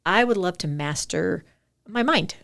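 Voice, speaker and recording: A woman's voice: on the low side, expressive, unhurried, vocal fry, a bit bright. A woman speaking as a podcast guest, chatting animatedly, laughing often and restarting her sentences as she goes. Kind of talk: casual interview chat.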